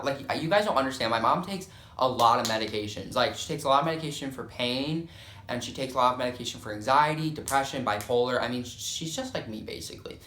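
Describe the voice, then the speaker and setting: A man's voice: medium pitch, animated, fairly quick, pushed and bright, echoey room, a little hiss or hum. A young man telling a dramatic storytime, swearing often and filling gaps with "like.". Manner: profane, dramatic, filler-heavy storytelling. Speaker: storytime vlogger. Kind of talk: casual storytime.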